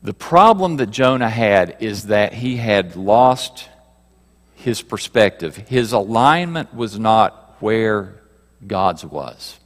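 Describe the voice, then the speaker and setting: Male pastor, sermon, slow and expressive, questions the room, reverberant sanctuary. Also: fairly low pitch. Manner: rhetorical questions to the congregation, swings between loud emphasis and quiet asides.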